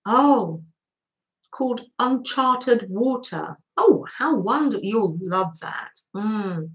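Chatty older woman, slow-paced. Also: on the high side, animated, dull audio. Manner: chatty, gushing, answers viewer comments. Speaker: craft livestream host. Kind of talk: casual craft livestream chat.

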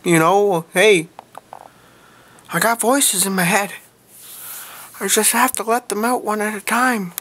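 A man's voice: high voice, fairly even intonation, unhurried, pauses often, a bit bright. A young man giving a casual, rambling vlog update into a handheld music player, offhand and self-mocking. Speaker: vlogger. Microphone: handheld music player camera.

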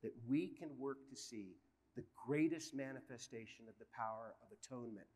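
A man's voice: mid-range voice, brisk, darkish tone. A man speaking earnestly on a conference stage, reflective, often stumbling over repeated words. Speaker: panel speaker, judge. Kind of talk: reflective live panel talk. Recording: long hall reverb at live event.

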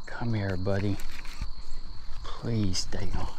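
A man, excitedly narrating his fishing outdoors and talking to his viewers. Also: fairly low pitch, measured pace, noisy background. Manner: excitable, exclaims often, addresses viewers as y'all. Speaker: fishing vlogger. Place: outdoors by water.

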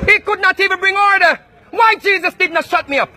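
A man from Jamaica, loudly accusing and taunting people in a heated street confrontation. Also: extremely high pitch, quick pace. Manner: loud, accusing, repetitive taunting. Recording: noisy crowd around, outdoors.

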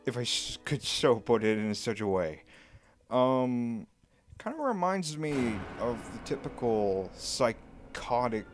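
A man reading a creepy horror story aloud in a slow, hushed, deliberate way. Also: mid-range voice. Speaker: creepypasta narrator. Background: faint background music.

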